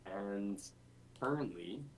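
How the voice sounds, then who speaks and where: A man's voice: lowish voice, animated, takes it slowly, a little hiss or hum, rough recording. A man streaming game development, thinking aloud in a casual, rambling way with lots of fillers. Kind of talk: casual dev stream chat.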